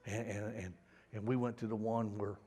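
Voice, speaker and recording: A middle-aged man preaching a sermon in a folksy, stammering way, dropping to a hush and then building loud. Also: on the low side, level tone, moderate pace, husky. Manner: folksy, repeats words, swings from hushed to loud. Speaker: pastor.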